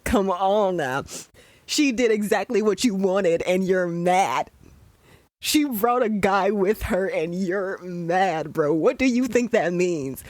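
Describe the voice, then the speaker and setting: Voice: mid-range voice, slow pace, no echo, studio quality. Profane, ranting young podcast host. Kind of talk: casual show commentary.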